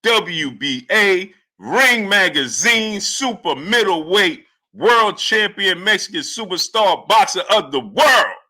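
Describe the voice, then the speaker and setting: A man doing a slow, booming impression of a male boxing ring announcer, stretching every title out. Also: lively intonation, sharp tone, exaggerated voice. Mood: grandiose. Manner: drawn-out, stretching each title.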